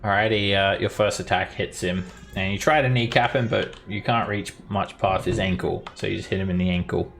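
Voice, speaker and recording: A man narrating as game master in a tabletop game, relaxed and halting with fillers. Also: deep voice, creaky, faint music behind.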